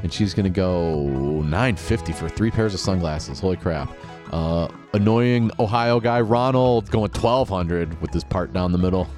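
Low-voiced joking podcast man. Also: unhurried, a little mellow, soft background music. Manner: joking, sarcastic, chuckles often. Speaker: podcast host. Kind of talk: play-by-play commentary of a TV game show.

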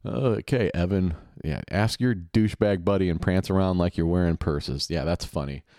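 A man hosting a podcast, giving sarcastic, mocking play-by-play of a TV game show with quick asides. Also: sits low, mellow, dry recording, studio quality. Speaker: podcast host.

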